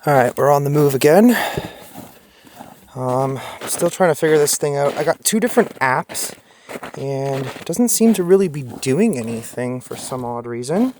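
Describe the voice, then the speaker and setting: A man's voice: medium pitch, lively intonation, moderate pace, a little mellow, slight background noise. A man exploring a wet forest at night, talking to viewers into a handheld camera. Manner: jumpy, talking to viewers while filming. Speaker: paranormal explorer vlogger. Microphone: handheld camera or phone.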